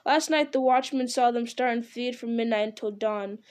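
A woman reading aloud, voicing an excited townsman who points out strange lights. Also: a little high, close to an everyday voice. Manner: eager, wondering, quickening.

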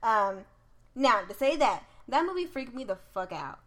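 A woman's voice: a little high, big pitch swings, moderate pace, a bit bright. Chatty woman swearing freely. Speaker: podcast co-host. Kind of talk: casual chat.

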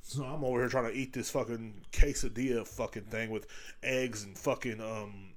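A man's voice: mid-range voice, fairly even intonation, normal speed. A middle-aged man hosting a comedy podcast, ranting crudely and mocking voices as he rambles. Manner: profane, rambling, mocking voices mid-rant. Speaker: podcast host.

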